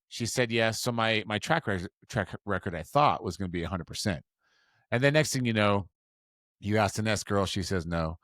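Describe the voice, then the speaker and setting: In a dry, studio-quality recording, a forties-aged podcast co-host from Utah tells a casual story at his own expense. He pops up into higher-pitched voices to deliver quotes.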